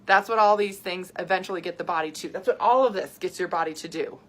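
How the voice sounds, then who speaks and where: A woman in her thirties, a health coach hosting a casual live video, talking to viewers in an animated, chatty way and reacting excitedly to their comments. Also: on the low side, quick pace. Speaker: health coach and podcast host.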